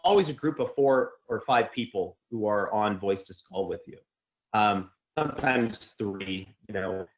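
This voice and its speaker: A man telling a long personal account as an interview guest, rambling with many fillers and restarts. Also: mid-range voice. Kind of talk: casual spoken account. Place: Santa Clara area. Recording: dull lo-fi audio.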